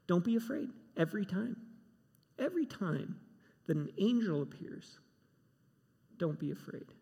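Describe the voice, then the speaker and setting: A man's voice: high voice, big pitch swings, a little slow, vocal fry, pauses often, warm tone, breathy edge. A man preaching a sermon, emphatic and given to repeating himself. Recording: long hall reverb.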